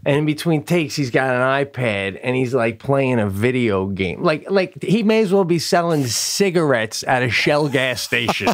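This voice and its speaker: A man's voice: medium pitch, expressive, moderate pace, few pauses. A man co-hosting a podcast, riffing and rambling with frequent laughter. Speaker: podcast co-host. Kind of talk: casual comedic chat.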